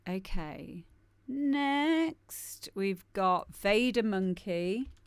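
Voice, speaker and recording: A woman's voice: mid-range voice, steady tone, measured pace, clear, resonant tone, no echo. A woman DJ hosting a live-stream show, giving chatty, rambling commentary on the tracks and laughing often. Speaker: DJ and show host.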